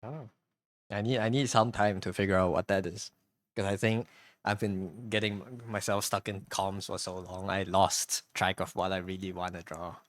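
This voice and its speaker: A man's voice: low-pitched, steady tone, normal speed, fairly bright tone, no echo. A man streaming live while he draws, talking casually in a hesitant, rambling way, full of restarts and repeated words. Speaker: streamer and artist.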